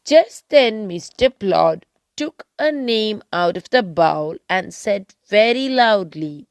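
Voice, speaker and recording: Lady reading a kids storybook real slow, bit of gravel in her voice, dry room. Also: medium pitch, animated, dry recording. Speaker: storybook reader. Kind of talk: children's read-aloud.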